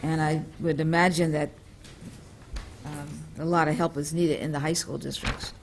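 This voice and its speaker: Gravelly man asking questions at a board meeting. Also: fairly high pitch, level tone, moderate pace, noisy background. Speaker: board member. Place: school board meeting room.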